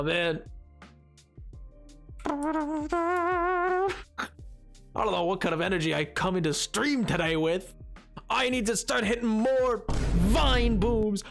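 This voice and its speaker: A young man live-streaming a game, bantering and teasing with his chat. His voice has a gravelly, fry-edged texture and swoops all over in pitch as he jokes around. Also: fairly bright tone.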